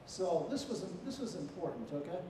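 A man with a high voice gives feedback as a contest judge, pausing often and checking in with "okay?". He sounds far from the mic, in a big echoing hall with a faint hum behind him. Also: very animated, mellow. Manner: halting, full of "you know" and "okay?". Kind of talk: spoken feedback to students.

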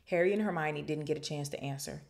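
Gravelly low-voiced woman reading aloud. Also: quick pace. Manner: chatty, animated asides. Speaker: podcast host reading a book aloud. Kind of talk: reading aloud with casual commentary.

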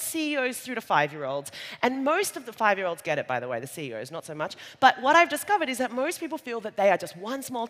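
Lively Australian woman speaking on stage. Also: fairly high pitch. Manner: animated, conversational, jokey asides. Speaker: conference speaker. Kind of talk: keynote talk on stage. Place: conference stage. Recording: live talk in a large reverberant hall.

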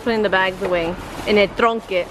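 A woman's voice: mid-range voice, fairly even intonation, a little fast, very noisy. A woman vlogging while shopping in a store, chatty and giggly, teasing her partner. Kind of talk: casual vlog chat.

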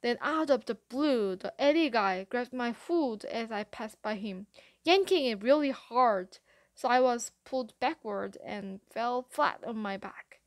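A woman reading a first-person story aloud as an audiobook narrator, retelling a chase in a lively, breathless way. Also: fairly high pitch, a little slow, dry recording.

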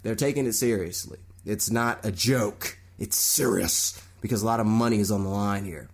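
A young man with a fairly low voice hosts a solo radio talk show, offering animated commentary on movie news. He keeps slipping into quick, put-on impressions of other people.

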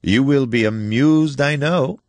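A man voicing a courteous, aristocratic older general and hunter, speaking slowly with quiet menace, in an audiobook story reading. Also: mid-range voice, no room sound, voice pushed up, natural voice. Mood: suave. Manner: courteous, measured, slow menace.

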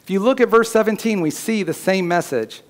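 A man preaching a sermon as pastor in a church, his voice climbing higher and louder when he voices God's words. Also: fairly quick. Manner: preaching, rising loud and high when voicing God's words.

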